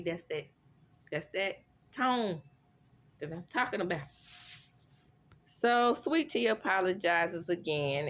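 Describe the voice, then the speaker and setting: Chatty woman recapping a reality show. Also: sits low. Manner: chatty, animated, laughing asides.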